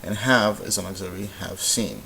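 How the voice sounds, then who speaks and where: A man with a low voice talks through a recorded grammar lesson. He explains in a relaxed way, filling pauses with ums and uhs. A faint hiss runs under the recording. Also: vocal fry, low-quality recording. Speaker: Spanish teacher.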